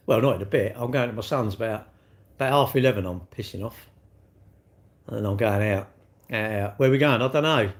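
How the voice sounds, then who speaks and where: A man's voice: lowish voice, a little fast, pauses often. An older man, chatting casually on a live stream, blunt and teasing as he answers comments. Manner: blunt, teasing banter with chat. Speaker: livestreamer.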